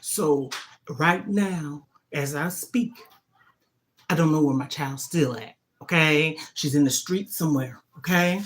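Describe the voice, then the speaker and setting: On a casual livestream, a middle-aged woman speaks at a measured pace in a low voice, with slight background noise behind her. She's emphatic and repeatedly asks "okay?"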